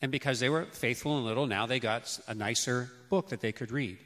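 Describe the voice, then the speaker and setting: A man's voice: mid-range voice, fairly quick. A man in his fifties giving a sermon on parenting, telling family stories and acting out how he called his children. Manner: storytelling, acts out calls to his children loudly. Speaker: preacher. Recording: long hall reverb.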